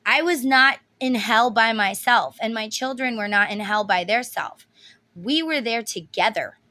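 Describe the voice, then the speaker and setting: Blunt, bright-voiced woman tarot reader. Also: on the high side, measured pace. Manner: blunt, emotional, swears freely. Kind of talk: casual tarot reading video.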